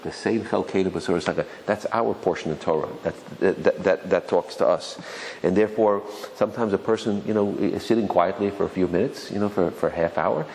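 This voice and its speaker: In a lecture room with an audience, a male rabbi teaches a live Torah class in a low, darkish voice, speaking a little fast. He poses rhetorical questions and often restarts and repeats words. The reverberant hall carries faint noise.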